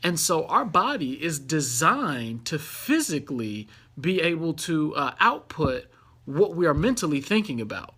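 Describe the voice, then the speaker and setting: A man's voice: a little high, sing-song, measured pace, bright, forceful tone, slightly rough. A man hosting a casual livestream from his office, greeting viewers by name and place and speaking in an upbeat, encouraging way.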